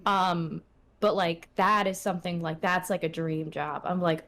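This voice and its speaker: A woman's voice: fairly low pitch, fairly even intonation, unhurried, a bit bright. Young woman gamer chatting, lots of likes and ums, kinda self-deprecating. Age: young adult. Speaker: guest, streamer. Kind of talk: casual interview chat.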